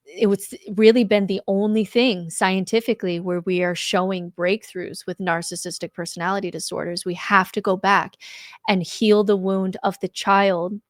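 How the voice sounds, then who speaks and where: A woman's voice: medium pitch, fairly even intonation, normal speed, no echo, studio quality. A woman who works as a spiritual director, speaking as a podcast guest, explaining her approach with confidence.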